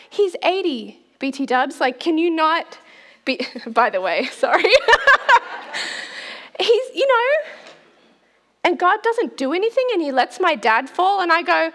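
Brief: middle-aged woman preacher, high and lively voice, animated storytelling with laughs. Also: unhurried, long pauses. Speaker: speaker at a church talk. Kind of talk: storytelling sermon.

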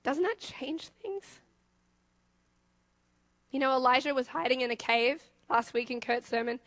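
A young woman with an Australian accent preaching a sermon, asking her congregation lively questions as she goes. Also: high voice, unhurried, no room sound.

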